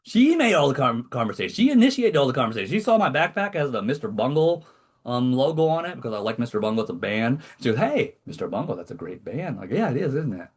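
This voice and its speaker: Man, podcast host, casual chat, self-deprecating, lively up-and-down pitch, medium-pitched voice, video call. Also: fast talker, husky. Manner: self-deprecating, rambling with restarts.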